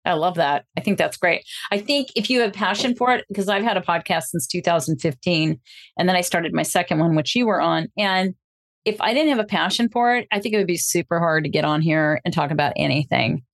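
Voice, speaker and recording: A woman's voice: on the low side, lively intonation, brisk, gravelly. A woman guest, a coach who also hosts podcasts, explaining her ideas in a reflective, flowing way. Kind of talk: casual interview chat.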